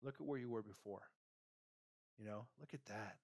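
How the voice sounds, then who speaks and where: A man's voice: on the low side, normal speed, a little mellow, dry recording, studio quality. A man hosting a motivational career podcast, coaching the listener and tagging lines with "right?" and "okay?". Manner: pep-talk, repeats "right?" and "okay?", guides listener.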